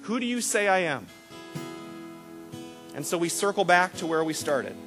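A man preaching a sermon as a pastor, animated and repetitive when excited, acting out the voices in his stories. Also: high voice, moderate pace, soft background music. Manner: animated storytelling, acts out quoted voices; repeats words and restarts when excited.

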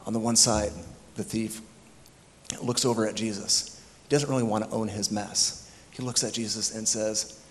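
A man's voice: lowish voice, steady tone, normal speed. A man preaching a sermon, reflective, acting out the words of the people in his story. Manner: reflective, acts out the thieves' words. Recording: long hall reverb, faint ambience.

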